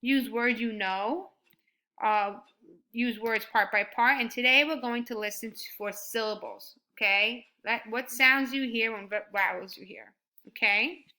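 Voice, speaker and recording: A woman teaching a first grade writing lesson, sounding out words slowly and praising her students. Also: fairly high pitch. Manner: slow and deliberate, sounding out words; encouraging, animated when praising.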